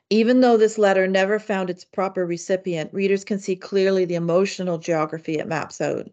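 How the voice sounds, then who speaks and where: A woman with a slightly low voice reads out a seminar paper. She keeps a measured pace and stops now and then for fillers and restarts. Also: fairly even intonation, darkish tone. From Canada. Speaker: academic speaker. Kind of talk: seminar lecture reading a paper.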